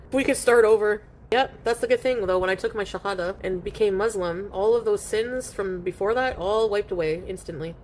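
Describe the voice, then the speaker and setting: A woman's voice: medium pitch, a little mellow, slight background noise. A woman live streaming from home, chatting casually and reading viewer comments aloud while she eats. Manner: chatty and rambling, eating while talking.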